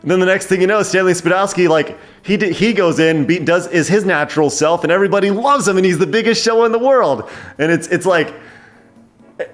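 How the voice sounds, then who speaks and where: A man chatting excitedly as a guest film reviewer, rambling with frequent restarts. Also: on the high side. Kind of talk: casual film review chat.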